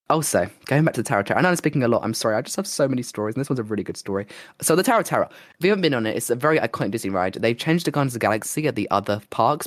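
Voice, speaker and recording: Guy a bit hoarse, excitable rambly podcast chat, dry mic. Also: medium pitch, no echo. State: slightly hoarse with a cold. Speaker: podcast co-host. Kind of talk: casual chat.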